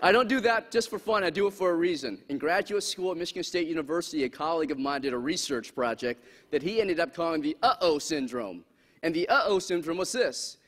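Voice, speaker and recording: High-voiced man giving a lively talk. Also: brisk. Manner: lively, asks the audience questions. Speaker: speaker. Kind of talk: humorous public talk. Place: lecture hall with audience. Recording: echoey hall, faint background noise.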